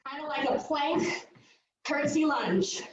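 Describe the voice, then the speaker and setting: A woman's voice: high-pitched, animated, slow pace, heavy reverb, far from the mic, poor audio. A woman fitness coach leading a live workout, out of breath, upbeat and counting down the reps.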